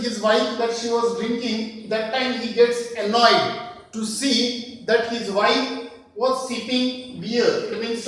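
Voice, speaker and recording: A man with an Indian English accent gives a recorded lesson, with a very high voice and a slow, deliberate pace. He explains step by step, repeats points and answers his own questions. He sounds far from the mic in a very echoey room. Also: a bit bright. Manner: explains slowly, repeats and asks himself questions. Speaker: teacher. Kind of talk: recorded class lecture.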